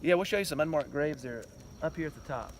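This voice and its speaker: A man's voice: a little high, fast talker. A man explaining things patiently and matter-of-factly to a companion while walking outdoors on a hillside. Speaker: tour companion explaining history. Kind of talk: casual explanatory chat. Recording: outdoor recording with road noise.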